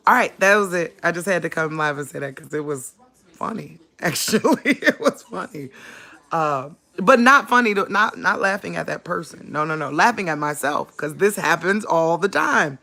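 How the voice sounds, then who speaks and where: A woman talks on a live stream into a phone or webcam. Her voice is gravelly and bright. She laughs often and jumps into high, animated outbursts. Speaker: livestream host. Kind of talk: casual live-stream talk.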